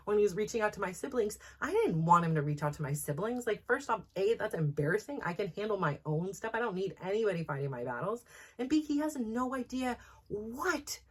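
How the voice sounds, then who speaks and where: A woman's voice: medium pitch, slightly rough. A middle-aged woman hosting a personal talk, speaking frankly and emotionally, rambling with lots of "like" fillers. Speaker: host.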